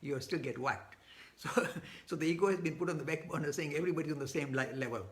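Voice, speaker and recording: During a live online talk, a man with a fairly high voice answers audience questions quickly. He speaks emphatically and gets worked up, often restarting sentences and repeating words.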